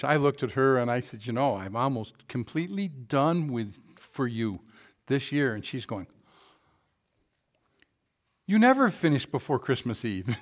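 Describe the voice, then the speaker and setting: A man preaching in a church, telling folksy jokes and reading scripture with rising force. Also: medium pitch. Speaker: pastor. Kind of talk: sermon with jokes.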